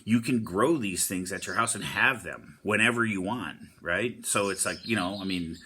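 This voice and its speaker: A man's voice: on the low side, normal speed, pushed and bright, slightly rough. A man giving a casual, upbeat motivational talk, repeating himself often and using surfer slang like "stoked.". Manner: upbeat, encouraging, repetitive. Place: Hawaii.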